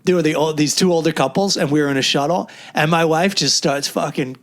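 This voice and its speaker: A man's voice: on the high side, brisk, slight background noise. A man co-hosting a podcast, telling stories in casual chat, acting out quotes and swearing freely. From New York. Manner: animated storyteller, acts out quotes, swears freely. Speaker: podcast co-host.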